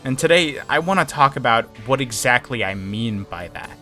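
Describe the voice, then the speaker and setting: A man's voice: medium pitch, expressive, normal speed, pushed and bright, faint music behind. A man giving a candid, opinionated game review in casual commentary, often hedging his points.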